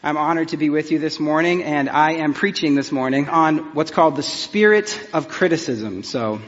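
A man's voice: fairly high pitch, normal speed. A man in his thirties, a worship pastor, telling funny stories in a sermon and bantering with the congregation. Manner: animated, joking, audience banter. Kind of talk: humorous sermon storytelling. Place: church sanctuary. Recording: muffled church hall reverb.

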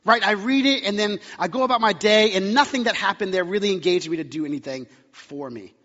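A young male pastor delivers a sermon in a casual, conversational way, trading in self-deprecating humor and stories. His voice sits high for a man. The sound is muffled and lo-fi, with long reverb from a large church hall. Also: brisk, bright, forceful tone.

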